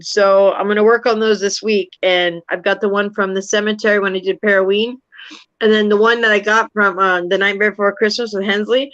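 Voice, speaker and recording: A woman's voice: medium pitch, highs cut off. Woman, 50s, brash, foul-mouthed storyteller; casual chat co-host. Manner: brash, swears freely, animated storytelling. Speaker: paranormal investigator and co-host.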